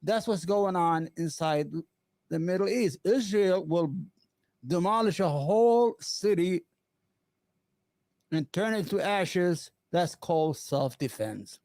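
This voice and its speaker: A man hosting an opinionated live commentary stream, impassioned and sarcastic, often halting on fillers and restarts. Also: high-pitched, lively intonation, a little mellow, dry recording. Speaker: livestream host.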